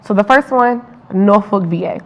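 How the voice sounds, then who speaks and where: A woman interviewing a guest in casual conversation, encouraging and quick to affirm what he says. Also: mid-range voice, gravelly. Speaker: student interviewer. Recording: dull lo-fi recording.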